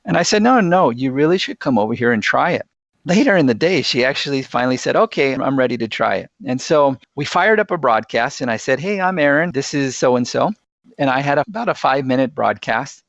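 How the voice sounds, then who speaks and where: Guy on a podcast, gravelly voice, kinda dull dry sound, earnest storyteller. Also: medium pitch, animated, brisk, a bit bright, no echo. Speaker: guest, sales executive. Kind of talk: podcast interview.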